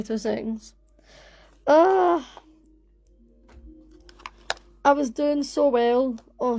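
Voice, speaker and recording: A woman's voice: on the high side, a little mellow. A woman hosting a casual livestream chat from her phone, chatty and apologetic, laughing often. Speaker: livestream host. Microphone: phone on a holder.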